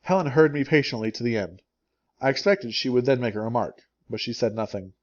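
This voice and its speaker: A man, an English teacher, narrating a classic novel aloud in a steady, clear and unhurried way. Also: mid-range voice, muffled recording. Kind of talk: scripted audiobook narration.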